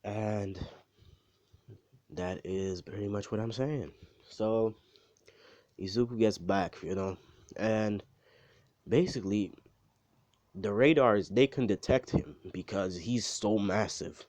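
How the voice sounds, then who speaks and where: A man's voice: on the low side, slow pace, long pauses, a little mellow, no echo. A man telling a story casually, rambling and swearing, with lots of fillers and restarts. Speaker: video creator.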